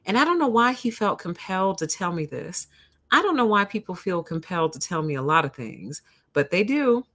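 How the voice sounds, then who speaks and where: A woman hosting a livestream, telling a story to her chat in an animated way and calling her listeners honey and y'all. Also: on the low side, a little fast. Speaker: host.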